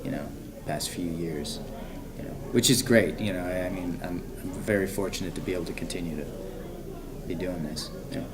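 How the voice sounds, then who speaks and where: A man, an actor, chatting casually in an interview, relaxed and full of fillers like "you know.". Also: deep voice, fairly quick, crowd noise. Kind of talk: casual chat. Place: convention room with crowd around.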